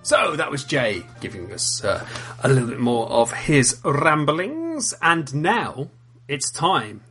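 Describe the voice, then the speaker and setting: A man hosts a podcast and thanks everyone in a chatty, slightly stumbling way. His pitch moves around a lot. Clear music plays underneath. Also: big pitch swings, slow, a bit bright. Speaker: podcast host. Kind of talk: casual show wrap-up.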